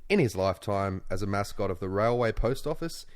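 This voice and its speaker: Jokey podcast host, low voice. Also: male voice, lively intonation, a little fast. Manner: jokey, laughs often, drops into silly voices. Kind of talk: casual chat.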